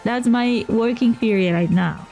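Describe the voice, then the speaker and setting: Woman streamer, high voice, reads game scenes and chats over them, light music underneath. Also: unhurried, vocal fry, dark tone. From Poland. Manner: voices characters and comments on the story. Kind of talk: reading game dialogue aloud. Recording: faint music behind.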